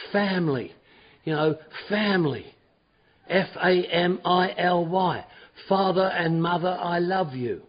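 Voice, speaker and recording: Husky high-voiced man telling his story. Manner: animated storytelling, acts out his own past shouting. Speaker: recovery meeting speaker. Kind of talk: personal recovery talk. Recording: dull lo-fi recording.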